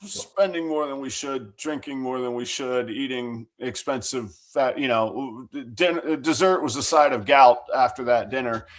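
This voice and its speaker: A man's voice: mid-range voice, a little slow, few pauses. A middle-aged man co-hosting a casual podcast, telling stories in a wry, joking way. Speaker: podcast co-host. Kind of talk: casual chat.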